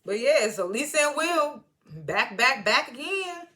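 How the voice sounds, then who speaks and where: A woman's voice: high-pitched, expressive, measured pace, bright, forceful tone. A woman casually recapping a TV episode, chatty and slangy as she retells scenes. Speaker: TV show reviewer.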